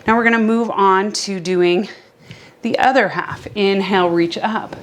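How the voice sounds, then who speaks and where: A young adult woman leads a beginner yoga class at an unhurried, deliberate pace. She calls out each inhale and exhale with calm, step-by-step cues. Her voice sits in an ordinary middle pitch. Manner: calm step-by-step cueing with breath counts. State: a little out of breath at times. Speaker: yoga instructor. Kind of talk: guided yoga class instruction.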